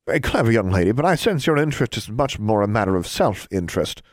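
A man's voice: fairly low pitch, big pitch swings, quick pace, dry recording, clean studio sound, pitched above the performer's own voice. A man voicing a curt, frustrated woman teacher in a storybook reading, clipped and dismissive. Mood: exasperated.

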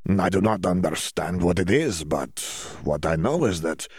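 A man's voice: low-pitched, expressive, moderate pace, darkish tone, slightly rough, dry recording, clean studio sound. A man reading an audiobook voices an earnest young male student wizard who talks in stiff, formal phrasing with hesitations. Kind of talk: audiobook character voice.

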